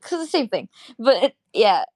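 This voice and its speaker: A woman's voice: on the high side, big pitch swings, moderate pace, darkish tone, no echo. A young woman from Indonesia chatting casually in a live audio room, rambling, swearing freely and laughing often. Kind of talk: casual chat.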